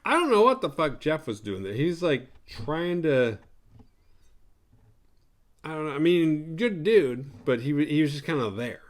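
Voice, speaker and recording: A man's voice: on the high side, big pitch swings, unhurried. A man hosting a horror movie review show, recapping the plot in a rambling, profane, sarcastic way.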